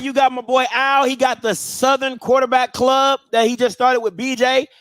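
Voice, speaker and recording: Sports call-in host, man, teasing and laid-back, gravelly, dry mic. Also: very high voice, a bit bright, no room sound. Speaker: sports talk show host. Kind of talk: casual live call-in sports talk.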